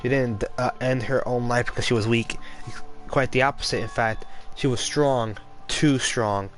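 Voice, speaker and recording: A young man reads a story game's dialogue aloud in a casual let's-play. His voice sits in an ordinary middle pitch and he stumbles over words at times. Quiet game music plays in the background. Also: fairly even intonation, moderate pace.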